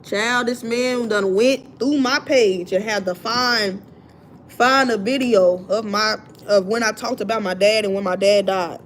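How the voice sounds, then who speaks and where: A woman's voice: mid-range voice, measured pace, a little hiss or hum. Indignant woman ranting on her livestream. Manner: indignant, animated storytelling. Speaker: livestream host. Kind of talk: casual livestream rant.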